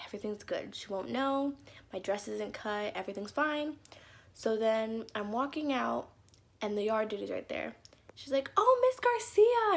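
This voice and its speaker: A chatty young woman tells a story-time vlog in a fairly high voice. She talks casually and fills her lines with "like", slipping into little acted quotes from the people in her stories. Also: gravelly. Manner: chatty, lots of "like" fillers, acts out quotes. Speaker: YouTuber.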